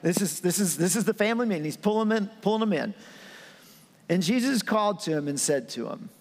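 A man's voice: high voice, lively intonation, fast, in a large hall. A man preaching a sermon in a conversational, storytelling way, acting out scenes with his voice. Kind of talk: animated sermon.

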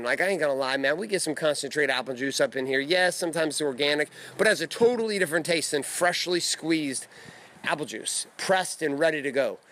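A man's voice: on the high side, a bit bright. A man in his thirties talking blunt and profane in a casual monologue, recorded in his backyard. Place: backyard outdoors.

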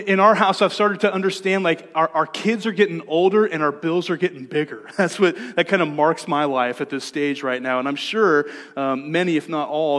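A man preaching a sermon as pastor, in a relaxed conversational way that often repeats words as he restarts. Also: a little high. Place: church sanctuary. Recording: long church reverb.

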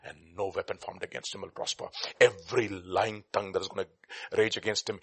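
A man preaching an animated sermon, acting out scenes and shifting between loud outbursts and quiet asides. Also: low voice, moderate pace, gravelly, breathy edge, no room sound. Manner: dramatic, acts out scenes with shouted voices.

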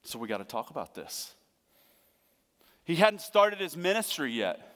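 A middle-aged man delivers an earnest sermon, dropping to a hushed tone and then building to emphatic, raised lines. His voice sits a little high for a man. The sound carries the long reverb of a large church hall. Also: very animated, a little slow. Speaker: pastor. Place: church sanctuary.

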